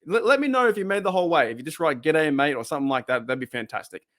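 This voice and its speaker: Aussie guy vlogging, hyped up and rambling, voice sits a bit high. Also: very fast. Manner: excitable, rambling fan enthusiasm. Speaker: fan channel host. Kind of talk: casual vlog talk.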